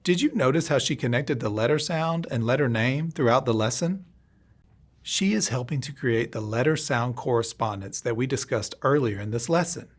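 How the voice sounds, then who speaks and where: A man's voice: mid-range voice, moderate pace. Man narrating a teacher training video. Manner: even, instructive voice-over. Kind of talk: scripted narration.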